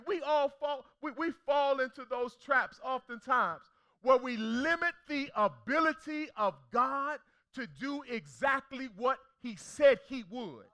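A young male pastor preaching with a high, very bright, ringing voice. He drives points home through repetition and keeps throwing questions out to the congregation. It sounds like a lively sermon delivered from the pulpit. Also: measured pace. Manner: preacherly call-and-response, emphatic repetition.

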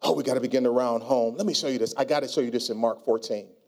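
A male pastor preaching a sermon, calling on the congregation to answer back and building to shouts. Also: mid-range voice, fast talker. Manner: preaching with call-and-response and rising shouts.

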